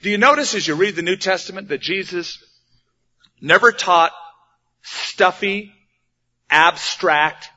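Pastor, male, plain-spoken sermon delivery with rhetorical questions; forceful tone, muffled lo-fi recording. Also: sits high. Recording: dull lo-fi recording.

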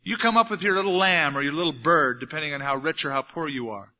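A man preaching from the pulpit, voice bright and a touch high. He tells stories and acts out little scenes to make his point. The recording sounds dull and lo-fi. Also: fast talker, big-room sound. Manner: animated storytelling, acting out little scenes. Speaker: pastor. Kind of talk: sermon.

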